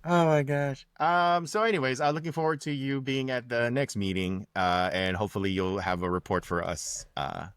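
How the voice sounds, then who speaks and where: A man's voice: medium pitch, moderate pace, hardly any pauses, a bit bright, clean tone, no echo. A man co-hosting a podcast in casual chat, upbeat and teasing, laughing often. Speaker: podcast co-host.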